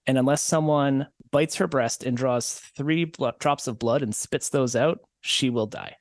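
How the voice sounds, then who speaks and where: A man's voice: mid-range voice, unhurried, no echo, studio quality. A man hosting a podcast, retelling a fairy tale as comedy in a wry, rambling manner. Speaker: podcast host.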